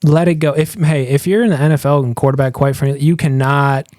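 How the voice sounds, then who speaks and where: A man co-hosting a sports podcast in casual chat, talking fast and emphatically, with frequent restarts. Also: fairly high pitch, fairly even intonation, darkish tone, no echo, studio quality. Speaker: podcast co-host.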